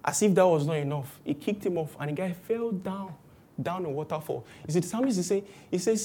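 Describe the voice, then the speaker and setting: A woman preaching a sermon, lively and acting out the voices of people she quotes. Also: lowish voice, fairly quick. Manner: animated, acts out quoted voices with exclamations.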